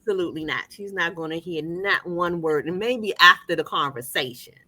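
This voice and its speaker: A woman in casual podcast chat, telling animated family stories and acting out her relatives. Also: lowish voice, fairly quick, dry recording. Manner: animated storyteller who acts out family members. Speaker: podcast co-host.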